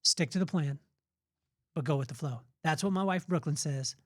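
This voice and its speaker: Earnest man with a bright, dry voice. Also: fairly high pitch, normal speed, no room sound. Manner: earnest, emphatic, conversational. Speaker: podcast host. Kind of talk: motivational faith talk.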